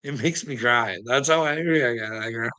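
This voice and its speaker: A man's voice: medium pitch, moderate pace, pushed and bright, poor audio. A man rambling casually to his livestream chat, swearing a lot and chuckling often between phrases. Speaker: livestream host talking to chat.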